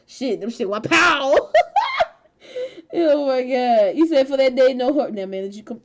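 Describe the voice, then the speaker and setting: A woman's voice: high-pitched, animated, normal speed. A woman hosting a casual stream chat, laughing often, swearing freely and teasing her friends. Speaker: streamer host.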